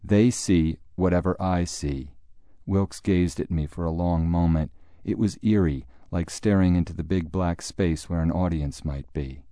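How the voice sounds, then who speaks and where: A man's voice: low voice, steady tone, normal speed, mellow, no echo. A man narrating a story in a dry, wry manner. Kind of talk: audiobook narration.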